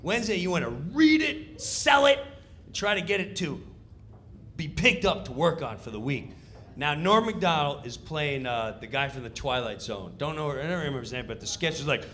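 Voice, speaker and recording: A man telling a comic story on stage in an animated, excitable way. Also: on the high side, moderate pace. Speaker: comedian. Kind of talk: stand-up storytelling.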